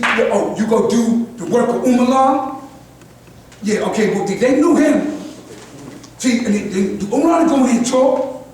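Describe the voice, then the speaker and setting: An older man with a high voice lectures a group, preachy and full of restarts. He is heard from a distance in a very echoey room, with faint noise behind him. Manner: preachy, repeats "God" as address, restarts often. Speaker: speaker at a community gathering. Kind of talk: impassioned address to a group.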